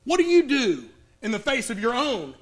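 Preaching in a very high voice, a man tells a Bible story with dramatic pauses and wildly swooping pitch. He shifts from a raised, urgent tone down to near hushes.

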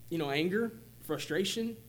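A man in his forties giving a personal testimony in church, speaking haltingly with many fillers and restarts. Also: high voice, expressive. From Tennessee, USA. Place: church sanctuary.

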